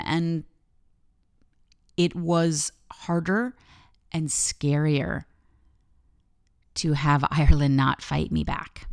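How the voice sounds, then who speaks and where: A woman with a low, smooth voice talks through a reflective personal monologue as a life coach hosting her own podcast. She is candid and emphatic and swears freely. Her delivery stays clear and resonant throughout. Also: level tone, takes it slowly, long pauses.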